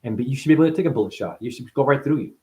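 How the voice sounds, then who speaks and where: A man in chronic pain holds forth in a rambling spiritual monologue, leaping from one loose word link to the next. His mid-range voice swings widely, climbing into loud bursts and dropping to low, profane mutters. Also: expressive, racing, highs cut off. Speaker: spiritual talker.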